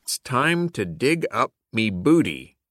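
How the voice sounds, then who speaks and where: A man voicing a gruff, kind-hearted old male pirate who works as a substitute teacher, growling his words with hearty arrs. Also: mid-range voice, very animated, slow pace, a bit bright, dry recording, studio quality, exaggerated voice. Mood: boisterous.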